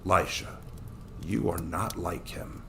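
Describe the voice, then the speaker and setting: Weary, wise wanderer, as a male reader plays him: low, gravelly, soft and measured, slipping into whispers, storybook reading. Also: slight background noise, heavily acted. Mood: gentle. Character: wandering man, calm, stern, weary, wise.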